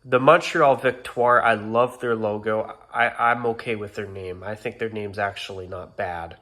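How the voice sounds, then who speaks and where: Bright-voiced man ranting on a vlog. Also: lowish voice, fairly even intonation, moderate pace. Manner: exasperated ranting, repeated apologies. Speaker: YouTuber. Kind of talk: casual vlog rant.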